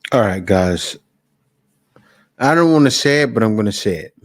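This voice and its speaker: A man's voice: on the low side, lively intonation, moderate pace. Blunt male reaction host. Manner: blunt, preachy asides. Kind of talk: casual commentary.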